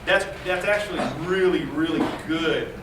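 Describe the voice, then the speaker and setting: A man's voice: on the high side, normal speed. A man directing a choir rehearsal, encouraging and repeating himself, singing short phrases to show how they should go. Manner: encouraging, repeats words, sings phrases to demonstrate. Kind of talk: choral rehearsal instruction. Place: large rehearsal hall. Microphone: distant recorder. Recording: echoey hall from far off, hissy.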